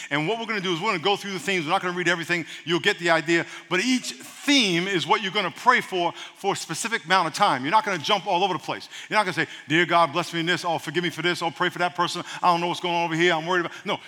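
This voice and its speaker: High, bright-voiced preacher in a reverberant hall. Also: male voice. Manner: energetic, humorous, call-and-response with the congregation. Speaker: pastor. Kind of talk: sermon.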